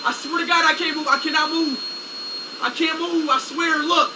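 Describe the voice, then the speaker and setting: A young man with a very high voice pleads and yells at his live chat, repeating himself frantically. He sounds far off from the mic, with a loud vacuum cleaner roaring behind him. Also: fairly even intonation, normal speed, noisy background. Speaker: livestreamer. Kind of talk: live stream talking to chat. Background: vacuum cleaner running.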